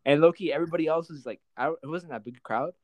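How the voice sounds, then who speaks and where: A young man telling a childhood story in quick, casual, profane slang full of fillers. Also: fairly high pitch, a little mellow, a little hiss or hum.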